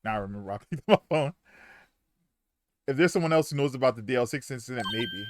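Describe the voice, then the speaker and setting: A man with a medium-pitched voice reads game dialogue aloud in a dramatic tone, breaking into casual, cursing asides. Game music plays steadily behind him. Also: animated, fast, pauses often. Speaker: streamer. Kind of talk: reading game dialogue aloud on a live stream.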